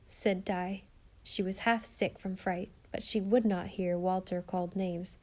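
Give me a woman with a warm, mellow voice narrating a storybook. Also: mid-range voice, fairly even intonation, measured pace. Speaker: audiobook narrator.

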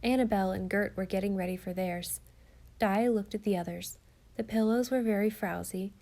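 Warm-voiced woman reading a story. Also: mid-range voice, normal speed, gravelly. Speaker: audiobook narrator. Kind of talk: storybook narration.

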